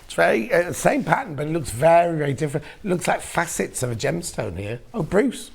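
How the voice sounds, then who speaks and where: A man's voice: fairly high pitch, very animated, fairly quick, gravelly, husky. A man presenting fabrics on a shopping channel in casual on-air chat, reading viewer messages aloud. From United Kingdom.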